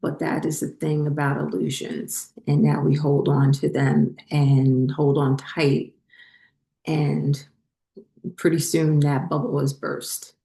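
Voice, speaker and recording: A woman who hosts a spiritual channel shares her personal story in casual, rambling fashion, slow and unhurried, pausing on ums and correcting herself often. Her low voice is mellow yet gravelly, her delivery flat, and the room adds a noticeable echo.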